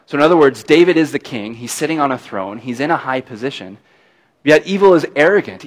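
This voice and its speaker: A middle-aged man delivers a sermon in a mid-range voice. His manner is conversational and folksy, and he breaks into easy laughs between his points. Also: medium pitch. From not from Alabama. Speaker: pastor.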